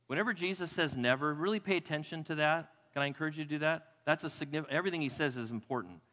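A male pastor preaching a sermon in a church with emphatic delivery, repeating key phrases and dropping to a hush for weight. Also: a little high, fast talker. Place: church sanctuary. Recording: long hall reverb.

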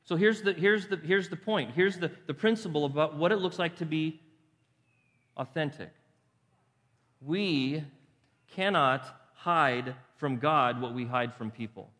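A man's voice: fairly high pitch, unhurried, a bit bright. Man preaching in a reverberant hall. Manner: conversational, asks the crowd rhetorical questions; repeats phrases for emphasis. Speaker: pastor. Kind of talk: sermon.

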